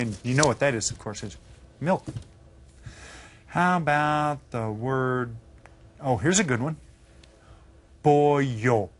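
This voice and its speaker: A man teaches a recorded lesson in an even, mid-pitched voice. He sounds out words syllable by syllable and keeps checking in with encouraging questions. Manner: patient, slow enunciation of words; encouraging, asks students questions. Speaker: Spanish teacher.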